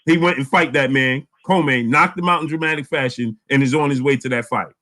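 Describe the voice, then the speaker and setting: A man hosting a casual live boxing chat, animated, often repeating words. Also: mid-range voice, fast talker. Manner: animated, repeats words, reads super chats aloud. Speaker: boxing channel host.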